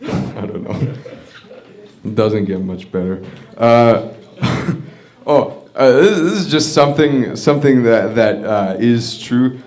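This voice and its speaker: A man's voice: medium pitch, lively intonation, slow pace, darkish tone. A man doing a stand-up set at an open mic, delivering one-liners with lots of hesitation and repeated words. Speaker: stand-up comedian.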